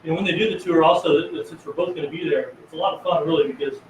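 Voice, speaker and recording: A man's voice: a little high, rapid-fire, a little hiss or hum. A man co-owning a haunted house, chatting casually on a live stream, rambling with many fillers and restarts. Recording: echoey room, far from mic, dull sound.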